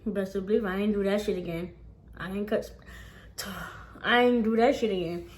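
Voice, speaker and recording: A woman's voice: mid-range voice, fairly even intonation, normal speed, a little hiss or hum. Profane, emphatic young woman vlogger. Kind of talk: casual storytime chat.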